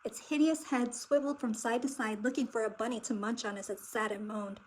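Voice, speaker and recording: Lady reading a kids' story, expressive and dramatic, higher voice. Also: fairly quick, low-quality recording. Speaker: storybook reader. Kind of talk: children's read-aloud narration.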